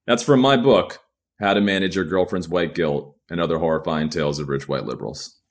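A man's voice: sits low, a little fast. A man who is a stand-up comedian, talking candidly and rambling in a solo video podcast, self-deprecating and swearing freely.

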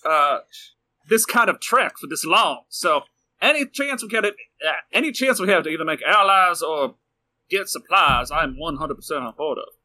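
Man doing a blunt starship crewman, put-on southern drawl, high, bright tone, tabletop game voice. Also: animated, normal speed, full character voice. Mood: earnest.

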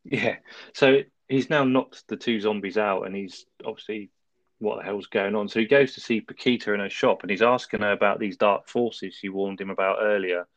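A relaxed man walks through a film's plot in easy, casual chat, his voice on the low side. The recording is dry and slightly dull, like a home podcast. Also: normal speed, no room sound. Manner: relaxed, laughs often, recaps the plot. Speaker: podcast co-host. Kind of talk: casual film review chat.

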